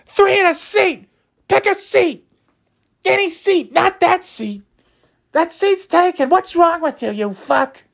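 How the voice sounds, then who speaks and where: A furious school bus driver, shrieks orders in a piercing, strained, far-too-high voice. The tone is frantic and bossy. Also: male voice, slow, gravelly, a bit bright, exaggerated voice. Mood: screaming. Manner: screaming orders.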